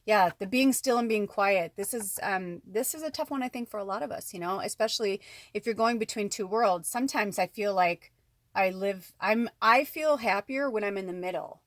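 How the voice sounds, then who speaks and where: A woman's voice: mid-range voice, moderate pace, no echo, studio quality. Chatty woman doing a card reading. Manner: rambling and chatty, lots of "like" and asides. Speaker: spiritual card reader. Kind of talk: casual oracle card reading vlog. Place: at home indoors.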